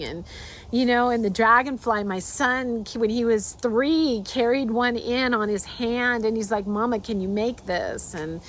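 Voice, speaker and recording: A woman's voice: medium pitch, slight background noise. A woman telling a personal story outdoors in a heartfelt, rambling way, with many fillers and restarts. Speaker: artist and host.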